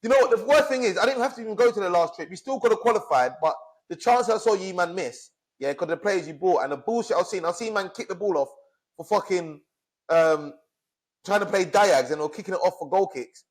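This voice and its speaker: Fired-up man, fast and high. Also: animated. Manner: angry, swearing, fired up. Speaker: podcast co-host. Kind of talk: heated casual rant.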